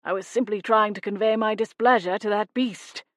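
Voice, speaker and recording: A woman voicing a fussy old gentleman ghost with an Oxford English accent, formal and nervously polite. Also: mid-range voice, fairly even intonation, moderate pace, dry recording, studio quality, natural voice. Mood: prim.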